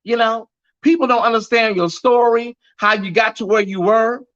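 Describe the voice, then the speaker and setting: A man's voice: extremely high pitch, moderate pace, a bit bright, lo-fi sound. A man hosting a live pop culture show, talking straight to viewers in a sassy, preachy way and calling them y'all, girl and honey, a little nervous.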